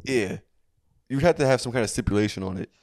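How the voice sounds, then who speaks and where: A man's voice: medium pitch, lively intonation, fast, a little mellow. A young adult man co-hosting a comedic history podcast, telling the story loosely with restarts and jokey put-on quotes. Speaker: podcast co-host. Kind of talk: casual comedic history chat.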